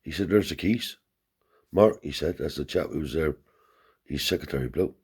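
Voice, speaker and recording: A man's voice: extremely low pitch, normal speed, pauses often, darkish tone, breathy edge. A man telling a rambling anecdote in casual, profane speech, lifting his voice to act out the people he quotes. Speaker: storyteller.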